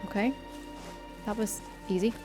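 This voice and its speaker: A woman playing a video game and commentating casually, sarcastic and quick to swear, reading the on-screen text aloud. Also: mid-range voice, steady tone, warm tone, faint music behind. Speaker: let's-play streamer.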